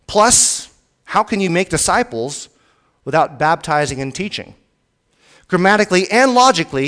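A man, a pastor, preaching a teaching sermon, repeating his points and pressing them with rising emphasis. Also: fairly bright tone. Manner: emphatic, rises in pitch and volume on key points.

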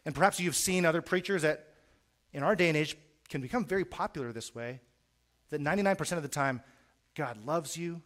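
A middle-aged man preaching a sermon in an earnest way, repeating words as he starts phrases and swinging from quiet to loud. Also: fairly high pitch, fairly quick.

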